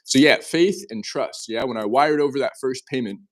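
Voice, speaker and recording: A guest in his twenties tells his story animatedly during a casual interview, frequently starting his sentences over. His voice sits in the mid range and moves at a normal speed.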